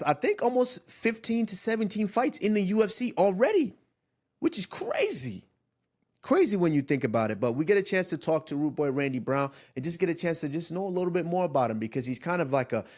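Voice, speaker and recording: A man in his thirties co-hosting a casual sports talk show, animated and loose, often restarting his sentences and leaning on fillers as he interviews a guest. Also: on the high side. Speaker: podcast co-host and interviewer. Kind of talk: casual chat.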